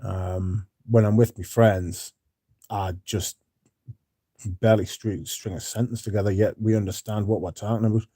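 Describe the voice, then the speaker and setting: A man hosting a casual livestream reads out and responds to viewer comments, speaking bluntly and swearing freely. His voice is lowish, steady and dark, at a moderate pace, recorded in studio quality with no echo.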